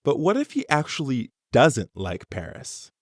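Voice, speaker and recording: A man teaching a language lesson, pronouncing words slowly and carefully for learners. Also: medium pitch, wildly swooping pitch, no room sound. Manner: slow, careful pronunciation for learners. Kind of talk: scripted lesson narration.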